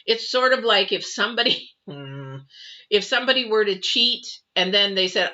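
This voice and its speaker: A woman's voice: medium pitch, animated, unhurried, pushed and bright, lo-fi sound. A middle-aged woman hosting a live tarot and astrology reading, speaking earnestly and repeating her points straight to the viewers. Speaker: tarot reader and livestream host.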